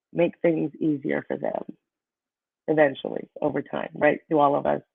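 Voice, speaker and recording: A woman's voice: sits low, creaky, husky, no room sound. A woman, a middle school teacher, chatting casually in an interview and animatedly telling stories about her students. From Kansas City area, US. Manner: animated storyteller, acts out students' voices, laughs often. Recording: tinny phone-like call audio.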